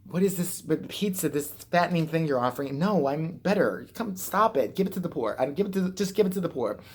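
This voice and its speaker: A man's voice: a little high, lively intonation, fast, husky, pitched above the performer's own voice. A man voicing a haughty, prissy woman politician who sneers at cheap food. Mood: snooty. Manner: snooty, prissy.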